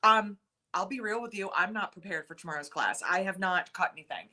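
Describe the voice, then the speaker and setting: A woman's voice: mid-range voice, fairly quick, bright, forceful tone. A young adult woman hosting a casual live stream, chatting with viewers, reading their comments aloud and laughing often. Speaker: livestream host.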